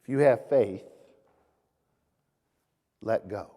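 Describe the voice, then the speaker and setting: A man voicing a calm, gentle voice of God speaking from the sky, tender and unhurried. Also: fairly high pitch, dull audio. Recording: echoey church hall.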